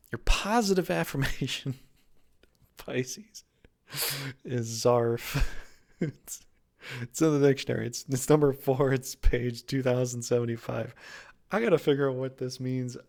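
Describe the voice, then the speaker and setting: A man's voice: medium pitch, measured pace, vocal fry, pauses often, a little mellow. A man giving a casual, jokey tarot reading, rambling with wordplay and self-corrections. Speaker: tarot reader.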